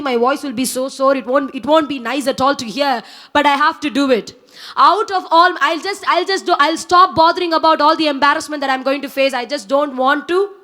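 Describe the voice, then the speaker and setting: A woman's voice: high-pitched, fairly bright tone. A young woman preaching in church, earnest and exhorting, repeating key lines for emphasis. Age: young adult. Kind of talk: sermon.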